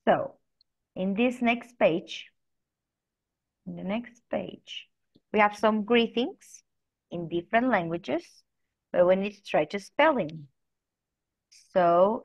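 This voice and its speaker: A woman teaching an online language class, speaking slowly and patiently and spelling words out letter by letter. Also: medium pitch, gravelly. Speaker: Spanish teacher. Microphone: video call. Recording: dull lo-fi video call audio.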